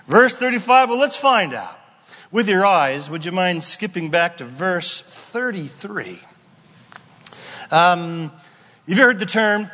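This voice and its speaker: A man preaching in a church, his voice high and swinging widely in pitch as he acts out little voices and asides. He sounds bright and forceful, and a long reverb trails each phrase through the sanctuary. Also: animated, measured pace. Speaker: pastor. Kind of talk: sermon.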